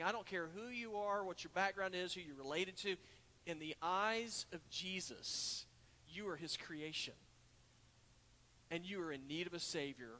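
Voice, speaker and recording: High, bright-voiced preacher in a reverberant church. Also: male voice. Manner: earnest preaching, frequent uh fillers and restarts, rises to emphatic points. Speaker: pastor. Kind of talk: sermon. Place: church sanctuary. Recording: long hall reverb in a church.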